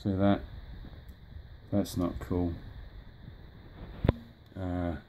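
A man's voice: low-pitched, level tone, drawn-out words, noisy background. A man casually reviewing a collectible figure, rambling offhand with fillers and the odd curse, filmed indoors by a sunny window. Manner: rambling, offhand, swears at the sunlight.

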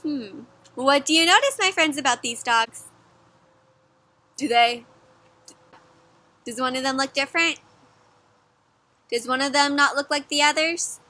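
Bright, animated woman reading to kids. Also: high voice, unhurried, pauses often, no echo. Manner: animated, asks listeners questions, gasps. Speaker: children's storyteller. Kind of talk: interactive read-aloud for kids.

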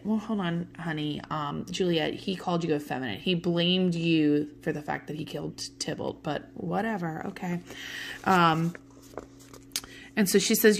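A woman's voice: fairly low pitch, steady tone, a little slow, a bit bright. A woman teacher giving a casual lesson recap, chatty, with many okays and you knows. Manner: chatty, fillers like okay and you know.

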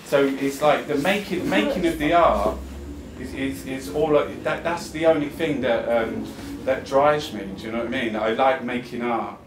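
At an arts club venue, a man gives a rambling, impassioned talk to a live audience, restarting his sentences and swearing. His voice is mid-range and his speed normal. The mic is at a distance, giving a roomy venue sound with background noise.

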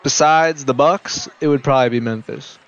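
A young man commenting casually on basketball highlights, hyped and profane, talking straight to the players on screen. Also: moderate pace, dull audio. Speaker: YouTube highlight reactor.

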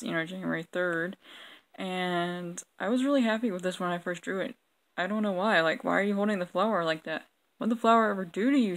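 A woman's voice: on the low side, vocal fry, rough recording. A young woman vlogging casually, rambling and mocking herself with lots of ums. She has a sore throat and keeps smacking her lips. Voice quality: lip-smacking. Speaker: vlogger reviewing her old drawings. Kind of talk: casual chat.

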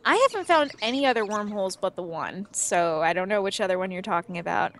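A young woman chats casually while playing a co-op game, confidently and playfully guiding her partner and laughing often. Her mid-range voice is expressive, fast and fairly bright, with a little hiss or hum in the audio.

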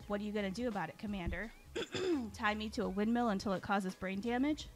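Woman storyteller, lively character reading, soft music under her voice. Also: medium pitch, a little fast. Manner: lively character reading with frequent throat clearing.

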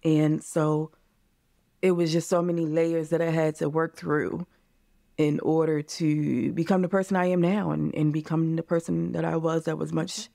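A woman in her thirties speaks frankly and emotionally as an interview guest, circling back over her words. Her voice has a gravelly edge, recorded dry and close. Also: deep voice, little pitch movement, moderate pace, mellow, dry recording. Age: 30s. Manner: earnest, emotional, repeats phrases. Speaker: podcast guest. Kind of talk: candid interview.

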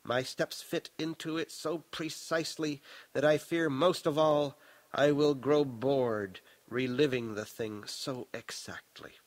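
A man voicing a blinded young emperor who gives firm, calm commands, in a storybook reading. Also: mid-range voice, a little slow, lightly acted. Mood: quiet. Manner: firm, commanding orders in a raised voice.

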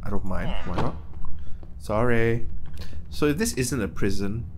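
Slight background noise sits behind an unhurried, medium-pitched male voice. He's a young let's play gamer offering casual commentary, chatty and easily startled, stumbling over words as he speaks to the game's characters.

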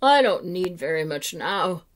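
A woman's voice: fairly low pitch, expressive, unhurried, pitched below the performer's own voice. A woman reading as a boy who grows old. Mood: wanting. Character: boy growing into a tired old man.

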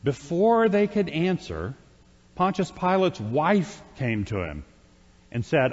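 A priest preaching a sermon, retelling a scripture story in a conversational way with wry asides to the congregation. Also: male voice, fairly high pitch, very animated, slow pace, darkish tone, husky. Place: church sanctuary. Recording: dull, reverberant church recording.

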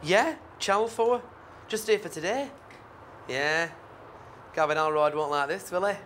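An actor playing an excited, chatty man daydreaming about fame in a TV comedy. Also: sits high, measured pace, a little hiss or hum. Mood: starstruck.

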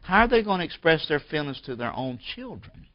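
A man preaching a sermon as pastor in a church. He swings from forceful bursts to quiet, hushed lines. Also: fairly high pitch, big pitch swings, a little fast, no room sound, lo-fi sound. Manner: preaching with rising emphatic bursts and drops to near-whisper.

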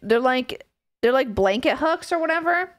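Woman in her thirties, streamer, giggly, swears a lot, lively voice, fairly high. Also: normal speed. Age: 30s. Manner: giggly, animated and swearing freely. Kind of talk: casual live-stream chat.

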